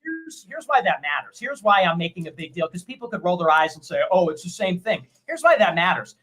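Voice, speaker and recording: A man's voice: high voice, very animated, brisk, a bit bright. A man arguing on a livestream, defensive and insistent as he explains himself. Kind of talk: argumentative livestream talk.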